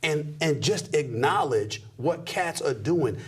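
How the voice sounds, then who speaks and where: A man's voice: on the high side, lively intonation, takes it slowly, a little hiss or hum. A middle-aged man talking emphatically and preachily in a heated sports conversation. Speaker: sports commentator guest.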